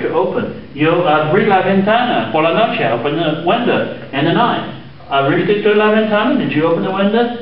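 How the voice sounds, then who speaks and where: A man teaching a Spanish grammar lesson, patiently walking through examples with frequent "uh" fillers. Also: a little high. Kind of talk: classroom lesson explaining grammar. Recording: echoey room, distant mic, dull sound.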